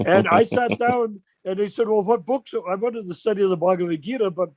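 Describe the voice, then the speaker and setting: An older man leading an informal religious discussion on a video call, telling stories with rhetorical questions in an animated way. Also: high-pitched, moderate pace, no echo. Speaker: discussion leader.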